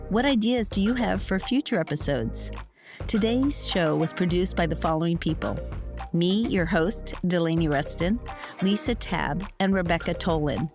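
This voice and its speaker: A woman podcast host giving a measured, friendly scripted sign-off. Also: on the low side. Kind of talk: scripted podcast outro and interview. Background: music.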